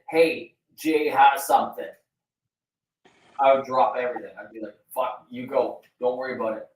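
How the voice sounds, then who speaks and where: Guy chatting loose on a live show, swears a lot, um's everywhere, slow and roomy. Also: on the high side. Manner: rambling, swears casually, many fillers. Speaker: show co-host. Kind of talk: casual chat. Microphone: video call. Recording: roomy, distant from the mic.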